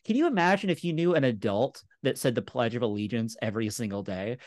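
A man in his thirties from Texas, co-hosting a podcast in casual chat, rambling and animated with many restarts. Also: mid-range voice, fast talker, no echo. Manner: rambling, animated, lots of filler words and restarts. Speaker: podcast co-host.

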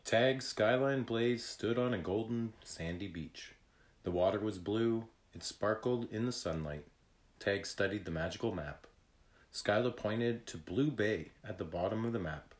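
A man narrating a children's chapter book aloud in a deliberate read-aloud manner. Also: fairly low pitch. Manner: slow, deliberate reading.

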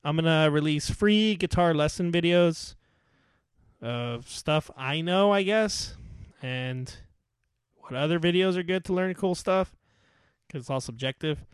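A man's voice: on the high side, measured pace, clean tone, no echo, studio quality. A man co-hosting a casual podcast, joking around and laughing often. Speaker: podcast co-host. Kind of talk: casual chat.

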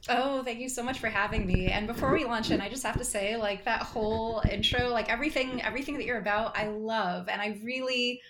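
A woman's voice: on the high side, brisk, hardly any pauses, heavy background noise. An American woman who acts, talking as a podcast guest, enthusiastic and laughing often with many fillers. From United States. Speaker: guest, actor. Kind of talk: casual podcast interview.

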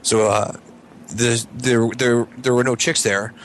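A man's voice: slow pace, a little hiss or hum. A man telling a long story on a podcast, acting out his friends' lines. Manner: animated, acts out quoted friends in high voices. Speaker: podcast co-host. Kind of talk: casual storytelling.

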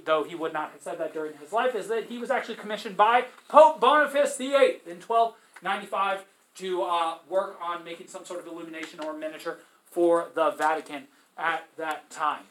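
A man's voice: high-pitched, fairly bright tone, reverberant, low-quality recording. A male teacher giving a conversational literature lecture, asking his students rhetorical questions and reading passages aloud.

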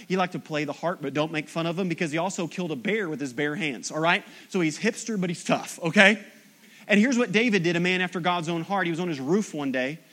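High-voiced man preaching with big swings. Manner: dynamic preaching, swinging from loud emphasis to quiet intensity, with humor. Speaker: pastor. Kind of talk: sermon.

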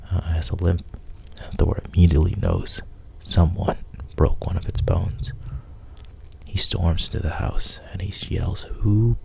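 A man retells a myth in a casual, conversational way. His voice is very deep and dark, with plenty of fry and little rise and fall. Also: a little hiss or hum. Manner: conversational, plain, with small fillers. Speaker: storyteller.

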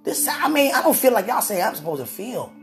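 A woman speaking intimately and effusively to her husband, sighing and exclaiming often, swinging between high excitement and low murmurs. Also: a little fast, creaky, faint music behind. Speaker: wife talking to her husband. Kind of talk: intimate casual talk to a partner.

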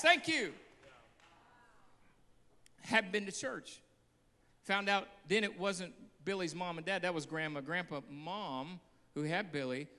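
Male guest preacher, high and bright, storytelling sermon with sudden loud bursts, long hall reverb. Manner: storytelling, swinging from quiet asides to loud outbursts. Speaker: guest pastor. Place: church hall.

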